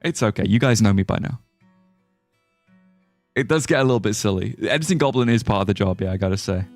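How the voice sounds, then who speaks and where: A young English man streaming live gameplay, talking casually with viewers and reading out chat. His voice swings freely up and down as he jokes and swears. Soft guitar music plays faintly underneath. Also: lowish voice, lively intonation, fast, gravelly. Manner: chatty, swears, laughs often, reads out chat. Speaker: livestreamer.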